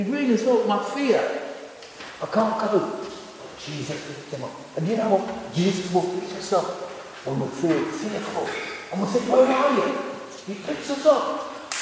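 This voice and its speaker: A man preaching a children's sermon, animated and exclaiming, asking the children questions. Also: very high-pitched, slight background noise. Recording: echoey hall.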